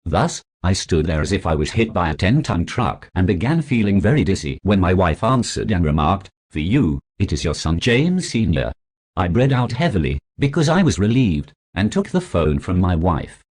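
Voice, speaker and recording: A man's voice: deep voice, big pitch swings, moderate pace, hardly any pauses, a little mellow, husky. A man narrating his own story in a formal, stiff storybook manner. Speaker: author narrator.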